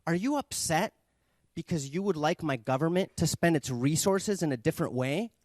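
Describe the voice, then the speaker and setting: A man voicing a calm older male mediator who speaks gently and patiently, asking careful questions. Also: a little high, moderate pace, no echo, lightly acted.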